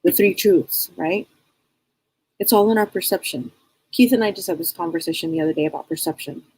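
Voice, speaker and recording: Hosting a live psychic advice stream, this middle-aged reader is blunt and casual, going over the same points and throwing out rhetorical questions. She talks a little fast in a fairly low, darkish voice with a breathy edge, heard on a rough recording.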